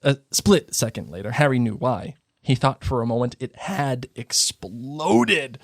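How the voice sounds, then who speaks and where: A man's voice: mid-range voice, expressive, measured pace, vocal fry, dry recording, clean studio sound. A man co-hosting a podcast in casual chat, joking around and reading passages aloud. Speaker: podcast co-host.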